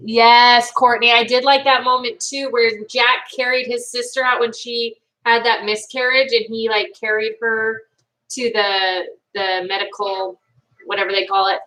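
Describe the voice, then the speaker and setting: A woman's voice: a little high, level tone, unhurried, bright, forceful tone, far from the mic, low-quality recording. A young woman hosting a casual live stream from home, chatting with viewers and reading their comments in a bubbly, talkative way. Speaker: livestream host reacting to a show.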